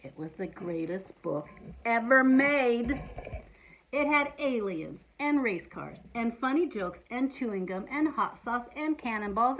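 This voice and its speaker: A woman reading a children's picture book aloud, playful and animated, with asides to young listeners. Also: fairly high pitch, normal speed, dull audio, slight background noise. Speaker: storytime reader.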